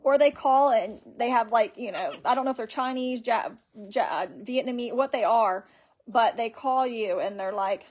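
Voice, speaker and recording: A woman's voice: on the high side, moderate pace, a little mellow. A woman hosting a casual live stream on her phone, rambling through her story and reading viewer comments aloud.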